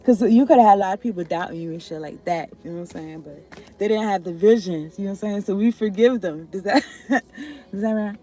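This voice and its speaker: A woman's voice: medium pitch, a little fast, warm tone. A woman giving a loose, rambling tarot reading, swearing and often trailing off. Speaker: tarot reader.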